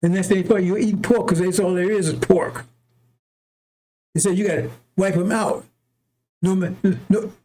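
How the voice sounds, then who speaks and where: High-voiced man preaching heatedly. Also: warm tone. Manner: heated and profane, repeats and restarts, asks "right?" and "see?" often. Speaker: religious preacher. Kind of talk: impassioned unscripted preaching monologue.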